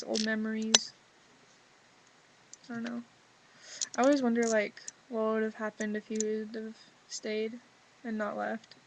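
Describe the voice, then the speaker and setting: Sick teen girl with a gravelly voice. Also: fairly high pitch, noisy background. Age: teens. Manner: rambling, filler-heavy teen talk. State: sick, voice lower than usual. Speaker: vlogger. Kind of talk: reading a journal entry, then casual confessional chat.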